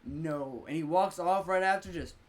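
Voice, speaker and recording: A man's voice: fairly high pitch, expressive, normal speed. A man in a casual reaction chat, reacting bluntly and swearing often.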